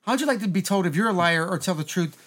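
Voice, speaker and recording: A man in casual chat about a film, animated and swearing, often talking over the others. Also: high voice, fast.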